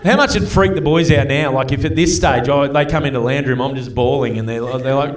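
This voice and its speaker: A man in his forties with an Australian accent doing live stand-up comedy, chatty and profane, often checking in with the crowd with quick asides. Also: medium pitch. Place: comedy club stage. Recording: roomy live club sound from a distance.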